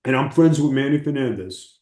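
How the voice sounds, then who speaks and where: A man, a former wrestler, telling profane, animated stories as an interview guest. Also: mid-range voice, fairly quick, echoey room. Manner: animated, profane storytelling with acted quotes. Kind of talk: casual storytelling.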